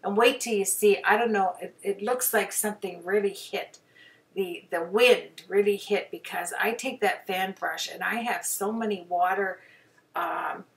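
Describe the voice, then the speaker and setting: A woman's voice: medium pitch, measured pace, distant mic. A woman hobby painter chatting casually over her own painting, rambling and poking fun at herself, with plenty of fillers. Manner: chatty, rambling, self-deprecating, many fillers.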